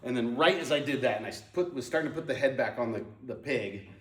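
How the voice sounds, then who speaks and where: A man's voice: medium pitch, quick pace, far from the mic. Man telling his story in a roomy hall. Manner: storytelling, animated, lots of ums and restarts. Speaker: speaker sharing his testimony. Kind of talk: personal testimony talk. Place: moved to Portland in the nineties.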